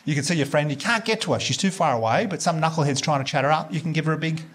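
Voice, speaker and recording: A man's voice: on the high side, racing, fairly bright tone. An Australian man performing a stand-up comedy set, telling wry stories and chatting with the crowd. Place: comedy club stage with a laughing audience.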